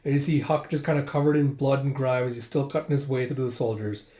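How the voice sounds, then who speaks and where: A man's voice: medium pitch, steady tone, fast talker, dark tone, roomy sound. A man casually reading through a manga aloud, narrating the scenes with lots of fillers and hiccuping now and then. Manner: reads all dialogue aloud in raised voices, filler-heavy. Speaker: manga readthrough host.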